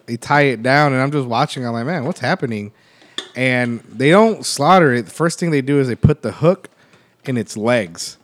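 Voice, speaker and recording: A man co-hosting a podcast, telling relaxed anecdotes in casual chat with the odd swear. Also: medium pitch, moderate pace. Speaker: podcast co-host.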